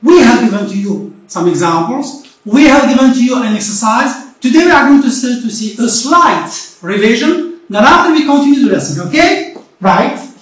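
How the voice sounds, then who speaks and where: A woman teacher giving a remote English lesson, explaining slowly and deliberately and repeating herself often. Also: fairly high pitch, animated. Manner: slow, deliberate explaining with frequent repetition. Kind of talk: recorded remote classroom lesson. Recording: very echoey room, voice far from the mic.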